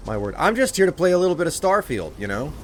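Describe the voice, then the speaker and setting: A man's voice: fairly high pitch, big pitch swings, quick pace, slight background noise. A man streaming a game live, chatting casually with viewers, thanking them for gifts and sounding exasperated at their requests.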